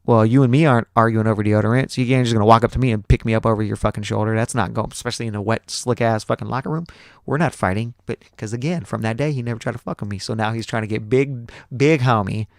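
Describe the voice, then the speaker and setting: A man hosting a podcast, telling a long story in a profane, repetitive, animated way. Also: mid-range voice, fast talker, creaky, dry recording, clean studio sound. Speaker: podcast host. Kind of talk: casual storytelling monologue.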